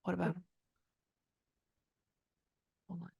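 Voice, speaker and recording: A woman's voice: on the low side, completely flat delivery, slow pace, creaky, a little mellow, husky, dry recording, clean studio sound. A woman psychic medium giving a casual reading, thinking aloud and exclaiming often.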